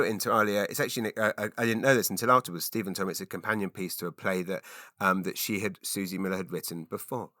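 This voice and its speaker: Bright-voiced, chatty man. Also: mid-range voice, no room sound, clean studio sound. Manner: enthusiastic, rambling, with frequent fillers and restarts. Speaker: podcast host. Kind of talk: casual solo podcast monologue.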